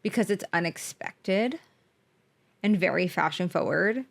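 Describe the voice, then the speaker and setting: A woman's voice: on the low side, expressive, measured pace, vocal fry. A young woman co-hosting a podcast in casual chat, rambling and packing her sentences with fillers. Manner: rambling, heavy use of filler "like". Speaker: podcast co-host.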